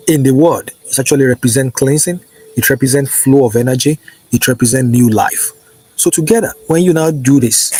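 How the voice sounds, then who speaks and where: A man delivers spiritual instruction with a husky, mellow voice. He coaxes listeners step by step, leaning on repeated "okay" and "right," then slows into steady, declarative prayer lines. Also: medium pitch, rough recording. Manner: repetitive, coaxing, peppered with "okay" and "right". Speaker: spiritual teacher. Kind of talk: instructional preaching to camera.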